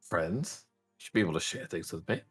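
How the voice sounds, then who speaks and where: A man's voice: deep voice, sing-song, normal speed, slightly rough, soft background music, exaggerated voice. A man voicing a nosy, cheeky male adventurer who pries into another's business. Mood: prying. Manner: prying, cheeky.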